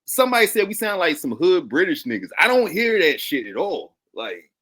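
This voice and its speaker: A man's voice: on the high side, big pitch swings, a little fast, fairly bright tone, breathy edge. A young man from Maryland with a Maryland accent, chatting bluntly and laughing often as a podcast guest. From Maryland, USA. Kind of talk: casual chat.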